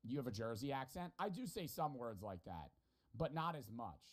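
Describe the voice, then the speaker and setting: A man's voice: medium pitch, very animated, normal speed. A man with a general American accent giving casual, profanity-laced reaction commentary. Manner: rambling, profane, laughing asides. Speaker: streamer reacting to videos.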